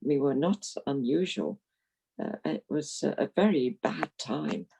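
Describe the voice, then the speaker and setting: Gravelly-voiced woman in her eighties. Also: a bass voice, big pitch swings, unhurried, dark tone, a little hiss or hum, rough recording. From London, England. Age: 80s. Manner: chatty, frank, laughs while telling stories. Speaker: retired minister, interviewee. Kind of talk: reminiscing interview.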